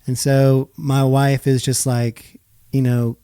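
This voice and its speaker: A man's voice: mid-range voice, little pitch movement, slow pace, warm tone, smooth, no room sound, clean studio sound. A man in his thirties, a realtor chatting as an interview guest, telling stories and acting out bits of dialogue. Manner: chatty storyteller, acts out quoted dialogue. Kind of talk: casual interview chat.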